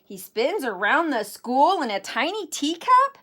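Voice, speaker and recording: A woman voicing an excitable young male Siamese kitten who believes he is a chihuahua, bouncy and sing-song with playful mock Spanish flourishes. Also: high-pitched, measured pace, pitched above the performer's own voice, full character voice. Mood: surprised.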